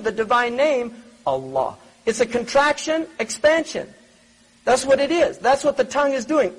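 A man's voice: very high-pitched, a bit bright, poor audio. A man giving a religious lecture in a conversational, digressive way, full of rhetorical questions and asides. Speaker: Islamic scholar lecturing.

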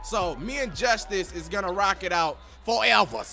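Casting: high-voiced young gamer, gravelly, hyped trash-talk commentary. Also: male voice, moderate pace, sharp tone. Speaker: gaming YouTuber. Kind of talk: gameplay commentary. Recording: game music behind.

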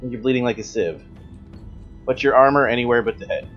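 A man running a tabletop role-playing game as game master, briskly explaining rules and teasing the players. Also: mid-range voice, a bit bright, lo-fi sound, soft background music.

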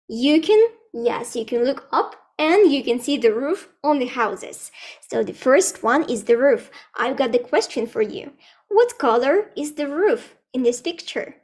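A young woman teaching English to children in a live online lesson, speaking slowly and repeating words for learners. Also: high-pitched, darkish tone.

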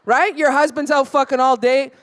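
A woman's voice: high voice, fairly even intonation, moderate pace. A woman doing a stand-up set at a live venue, brash and profane, teasing the crowd. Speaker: stand-up comedian.

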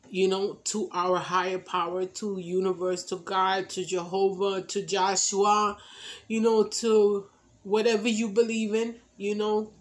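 A woman speaks slowly and at length to her viewers, circling back with "you know" again and again. Her voice is tearful and emotional, with a middling pitch. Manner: slow, rambling, repeats "you know". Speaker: mukbang vlogger. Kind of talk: heartfelt spiritual vlog talk.

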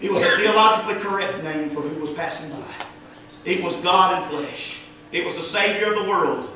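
A man preaching a fervent sermon as pastor, building to loud cries. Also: high-pitched, normal speed, slight background noise. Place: church sanctuary. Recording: echoey church heard from a distance.

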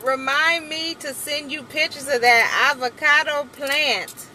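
Woman, young adult, vlog from a car, slow unhurried talk, bright tone, playful high exclamations. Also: steady tone, slight background noise. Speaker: vlogger. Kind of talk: casual chat to viewers. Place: inside a car.

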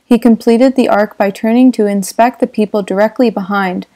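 Mellow woman narrating an audiobook. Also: medium pitch, fairly even intonation, moderate pace.

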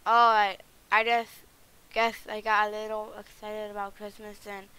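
A woman reading the part of an excitable male talking donkey in a halting read-through, repeating and restarting lines. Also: medium pitch, clean tone, natural voice, rough recording. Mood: apologetic.

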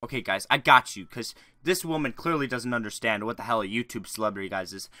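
Sarcastic guy ranting over a clip, bright sharp voice, dry close sound, crude jokes. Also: mid-range voice, fast, few pauses, dry recording. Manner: crude, mocking, rambling asides. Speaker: YouTube commentator. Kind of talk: sarcastic reaction commentary.

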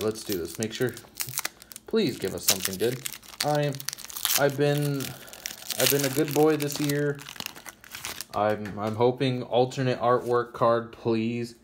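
A man casually chatting to camera as he opens trading card packs, reading card names aloud and jumping to excited high squeals over good pulls. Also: noisy background. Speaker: card-opening channel host. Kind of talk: casual card-opening commentary.

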